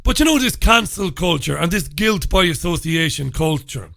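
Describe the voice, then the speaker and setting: Middle-aged Irish male radio host, sarcastic solo rant, bright forceful tone, dry close studio sound. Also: on the high side, expressive, normal speed, vocal fry, no room sound. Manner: sarcastic, ranting, mock questions. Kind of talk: solo talk radio commentary.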